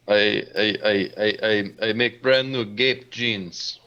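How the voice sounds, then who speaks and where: A man's voice: fairly low pitch, fairly even intonation, takes it slowly, pushed and bright. Man playing a boastful jeans seller with a thick mock-Russian accent who stammers and insists, recorded on dull lo-fi audio. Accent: put-on Russian.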